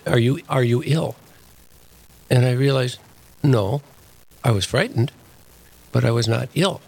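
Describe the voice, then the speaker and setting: A man's voice: medium pitch, a little slow, gravelly, darkish tone, poor audio. An older man, a deacon and prison chaplain, telling a story in plain, earnest words as an interview guest.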